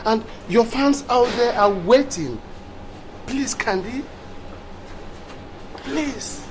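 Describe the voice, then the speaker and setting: A harried TV producer, pleading and stammering with a lively voice. Steady noise runs behind. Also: female voice, fairly high pitch, drawn-out words. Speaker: TV producer character.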